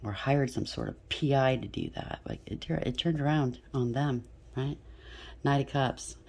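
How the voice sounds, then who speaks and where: A woman's voice: very deep voice, normal speed, gravelly, darkish tone, husky. A middle-aged woman giving a casual tarot reading, blunt and chatty, swearing freely and often checking in with "okay?". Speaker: tarot reader.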